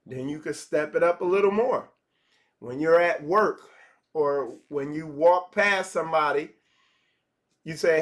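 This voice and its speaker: A man's voice: fairly high pitch, measured pace, long pauses. A man giving a casual livestream lesson, talking conversationally, repeating phrases and acting out small dialogues. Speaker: spiritual teacher.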